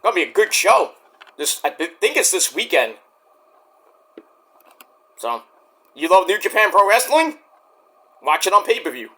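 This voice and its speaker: A man's voice: high voice, very animated, moderate pace, pauses often, pushed and bright. A man casually reviewing a wrestling show, rambling, swearing freely and going off on tangents. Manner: rambling, profane and digressive.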